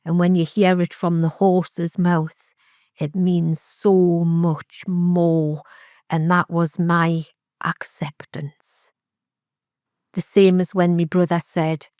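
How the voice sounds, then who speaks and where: A middle-aged woman, a podcast guest giving candid, halting personal testimony and re-enacting what others said. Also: fairly low pitch, little pitch movement, darkish tone, no room sound, clean studio sound. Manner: candid, halting, with vivid re-enactments of remembered speech. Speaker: interview guest.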